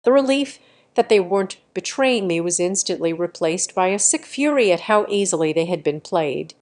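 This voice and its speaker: A woman reading a first-person revenge story as scripted narration, in an even, measured way. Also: lowish voice.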